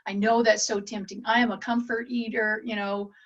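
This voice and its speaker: A woman's voice: fairly high pitch, level tone, moderate pace. A middle-aged woman hosting a podcast, giving earnest advice in casual interview chat. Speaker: podcast host. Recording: dull lo-fi audio.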